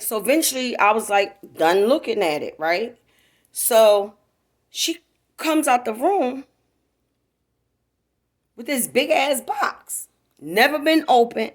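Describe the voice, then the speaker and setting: A woman tells a casual, profane storytime to her viewers at home. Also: fairly high pitch. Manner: profane, chatty, talks straight to viewers. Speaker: vlogger. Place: home, indoors.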